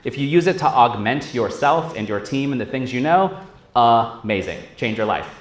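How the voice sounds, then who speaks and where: Animated, profane man giving a stage talk. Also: medium pitch, moderate pace. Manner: animated, profane, casual, acts out quotes. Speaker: conference speaker. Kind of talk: live tech conference talk. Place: conference hall on stage. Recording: roomy hall echo.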